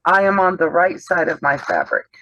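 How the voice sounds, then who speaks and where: A man's voice: fairly high pitch, sing-song, moderate pace, pushed and bright. A man hosting a casual sewing demonstration over a video call, chatty and explanatory, often trailing off mid-sentence. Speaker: host of a sewing channel. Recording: dull dry video call audio.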